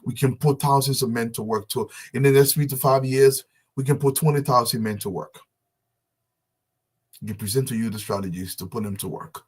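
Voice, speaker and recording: Man, fervent repetitive appeal, mid-pitched voice, surges from hushed to raised. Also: fairly quick, breathy edge. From Liberia. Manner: fervent, pleading, repetitive, swinging from soft to loud. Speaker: diaspora business advocate. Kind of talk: impassioned public appeal.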